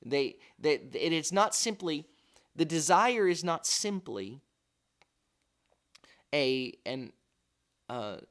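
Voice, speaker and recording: A man leading a daily devotional, earnest and thinking aloud with frequent restarts and fillers, sounding out Hebrew words as he explains them. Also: mid-range voice. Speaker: pastor.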